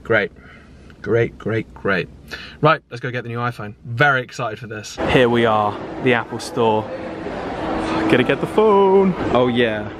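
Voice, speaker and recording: A young man from England, chatting casually to camera in an excitable, playful vlog. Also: a little slow, noisy background. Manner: excitable, playful, swings between loud and low. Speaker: vlogger.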